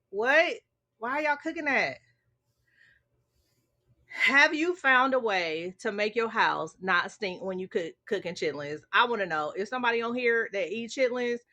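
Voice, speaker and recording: Female host for loose after-dark live chat; bright, lively delivery straight to the viewers. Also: medium pitch, moderate pace. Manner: chatty, laughs often, talks straight to viewers. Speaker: livestream host. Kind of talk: casual late-night live chat.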